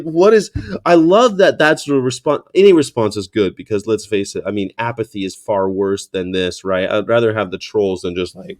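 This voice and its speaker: A man's voice: fairly low pitch, moderate pace. A man telling a story in a ranting vlog monologue, mocking and sarcastic, with plenty of swearing. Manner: animated storyteller. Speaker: activist vlogger.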